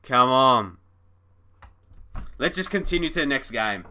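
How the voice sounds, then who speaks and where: A man's voice: mid-range voice, lively intonation, a little slow, bright, forceful tone. A man commentating casually on a live stream of a football management game, chatty and mock-frustrated, laughing and talking to his chat.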